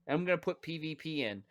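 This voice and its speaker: A man's voice: a little high, dry recording, clean studio sound. A man co-hosting a casual podcast, ranting and joking in a sarcastic, profane way. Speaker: podcast co-host.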